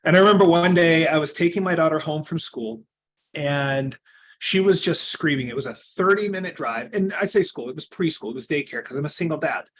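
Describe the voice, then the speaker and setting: Slight background noise accompanies a young adult man speaking fairly quickly in a fairly high voice. He is giving a coaching talk about his own experiences, earnest throughout, swinging from loud emphasis to quiet asides.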